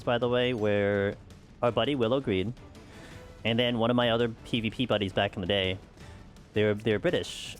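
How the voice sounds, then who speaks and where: A man streaming a game, chatting casually with viewers in a rambling way full of "like" and "you know". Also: mid-range voice. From United States. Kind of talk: casual chat while playing.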